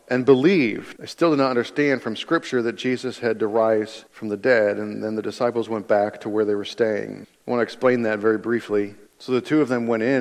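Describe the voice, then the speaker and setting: Pastor guy preaching, reads then explains, mid voice, long hall echo. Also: mid-range voice. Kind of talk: sermon with scripture reading. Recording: long reverb of a large hall.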